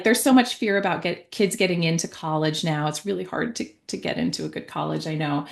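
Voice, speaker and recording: Chatty woman with a gravelly low voice. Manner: chatty, many fillers and restarts. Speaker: author and guest. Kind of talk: conversational storytelling.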